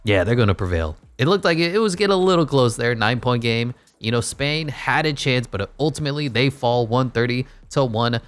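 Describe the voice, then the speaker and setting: Man, gaming commentator, relaxed wry delivery, mid-pitched voice. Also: brisk, few pauses, smooth, dry recording, faint music behind. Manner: wry, joking asides. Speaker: gaming YouTuber. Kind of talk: casual play-by-play commentary over a basketball video game.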